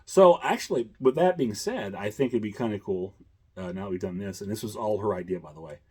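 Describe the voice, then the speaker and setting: Brief: male host, casual rambling chat, deep and slightly raspy. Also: lively intonation, brisk, a little mellow. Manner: rambling, chuckling, many fillers.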